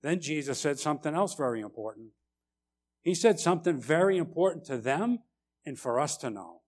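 A man preaching a sermon with passion, swelling loud on key phrases and repeating lines for emphasis. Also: fairly high pitch, animated, normal speed.

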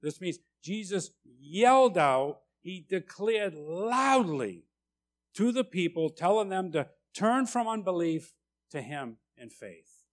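Guy preaching a sermon real slow, bit of a high voice, keeps going "right?". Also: sing-song. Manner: emphatic, repeats "right?" to check in with listeners; slow, deliberate delivery with rising, urgent stresses.

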